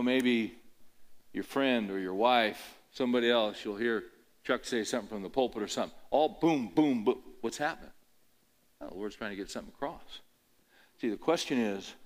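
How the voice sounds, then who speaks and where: An older man preaching a conversational sermon, telling rambling folksy stories and building to emphatic, repeated questions. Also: fairly low pitch. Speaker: pastor.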